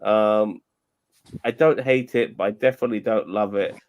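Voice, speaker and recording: A man's voice: lowish voice, normal speed, a little mellow, muffled recording. A man co-hosting a casual podcast, blunt and opinionated, swearing freely. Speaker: podcast co-host. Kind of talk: casual chat.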